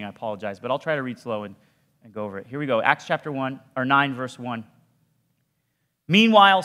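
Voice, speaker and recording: A man giving a sermon, telling a story in a conversational way with casual asides and dropping low for emphasis. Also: fairly bright tone. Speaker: pastor. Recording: long hall reverb.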